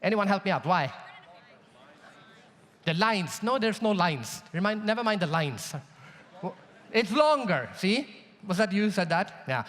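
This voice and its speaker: A man from Sweden giving a live conference keynote, telling an animated story and asking the audience questions. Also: high-pitched. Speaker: keynote speaker. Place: large conference hall. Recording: long reverb of a large hall.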